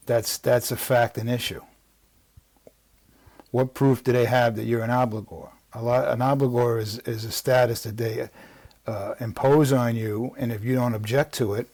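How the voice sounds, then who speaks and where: His voice is medium in pitch, darkish and a bit rough, with no room sound behind it. The New York-accented legal strategy instructor reads legal text and discusses it conversationally, full of restarts and asides.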